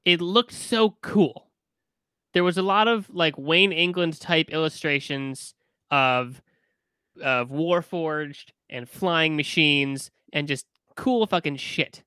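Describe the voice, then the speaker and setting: A man's voice: a little high, takes it slowly, pushed and bright, smooth, no echo. A man hosting a casual chat over a video call, blunt and teasing. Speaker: podcast host.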